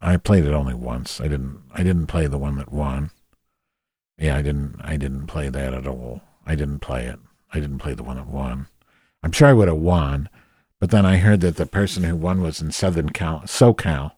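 A man's voice: very deep voice, moderate pace, mellow, no room sound, clean studio sound. A man telling a comic story as a rant, profane and exasperated. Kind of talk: comedic rant monologue.

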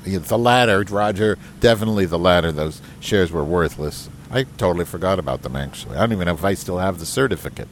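A man's voice: deep voice, lively intonation, quick pace, few pauses, slight background noise. An older man hosting a podcast, talking casually with profane, sarcastic grumbling. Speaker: podcast host. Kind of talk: casual comedic podcast monologue. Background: yard machinery droning nearby.

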